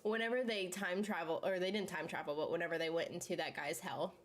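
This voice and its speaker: A woman's voice: lowish voice, fairly even intonation, fast talker. Chatty young woman, rambling with lots of "like". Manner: rambling, filler-heavy with frequent "like" and laughs. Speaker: channel host. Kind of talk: casual chat reacting to a series while eating.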